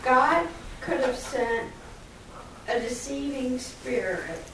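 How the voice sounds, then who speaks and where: A woman speaks slowly and with a fairly high voice, asking a question from the class. She is picked up from far off in a very echoey room with people around. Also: lively intonation, background noise. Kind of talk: question from the audience.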